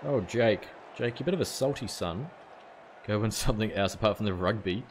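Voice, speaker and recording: Laid-back streamer, fairly low voice. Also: male voice, lively intonation, fairly quick, a little hiss or hum. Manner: casual, swears, chats back to viewers. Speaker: gaming streamer. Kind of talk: live game stream commentary.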